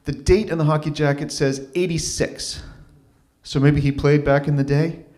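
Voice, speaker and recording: A man's voice: a little high, steady tone, moderate pace, a little mellow. Wry man telling a story on stage. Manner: wry, self-deprecating, stumbling restarts. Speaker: open mic performer. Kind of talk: live storytelling set. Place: small arts venue stage.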